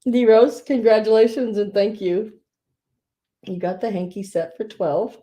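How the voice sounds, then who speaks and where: A woman's voice: medium pitch, unhurried, dark tone. A woman hosting a live online sale, chatting casually, giggling often and restarting her sentences.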